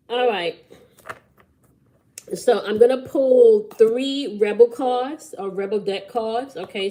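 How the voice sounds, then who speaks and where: A woman's voice: mid-range voice, a little mellow, a little hiss or hum. A woman giving a live-stream tarot reading, blunt and preachy, swearing freely and asking "okay?" again and again. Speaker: tarot reader.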